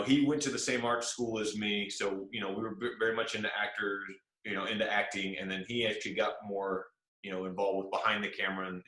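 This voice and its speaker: A young man from South Carolina, a guest actor, telling stories casually and acting out the quotes. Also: fairly low pitch. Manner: animated storyteller acting out quotes. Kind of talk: casual storytelling interview. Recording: echoey room.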